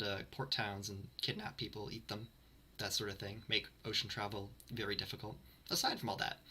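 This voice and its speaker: A man with a very bright, sharp voice and a husky edge reads lore to his stream chat. His pitch swings widely as he breaks off into dry, sarcastic jokes at his own expense. The delivery is casual and conversational. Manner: dry, sarcastic asides with self-mocking jokes. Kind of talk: livestream chat while reading lore aloud.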